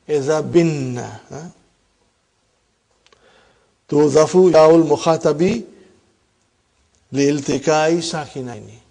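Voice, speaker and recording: Teacher quizzing his class, mellow voice. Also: fairly high pitch. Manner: explains and quizzes students with frequent "huh?". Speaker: Arabic teacher. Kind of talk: classroom grammar lesson.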